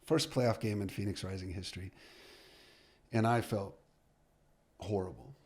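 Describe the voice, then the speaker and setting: A middle-aged man, a soccer coach, telling a story as a podcast guest, lively and full of restarts as he acts out the dialogue. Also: low-pitched, a little slow, husky. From United States.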